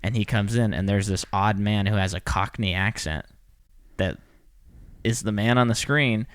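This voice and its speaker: Animated podcast man acting out quotes. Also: lowish voice, normal speed, smooth, no room sound, clean studio sound. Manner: animated, acts out quotes in put-on voices. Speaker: podcast co-host. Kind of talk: casual chat.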